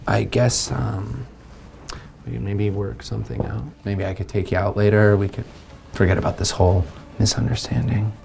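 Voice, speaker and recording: A man playing a gravelly, arrogant bully customer. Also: lowish voice, fairly even intonation, moderate pace, background noise. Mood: sneering. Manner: mocking, self-important. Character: arrogant, creepy male lawyer customer.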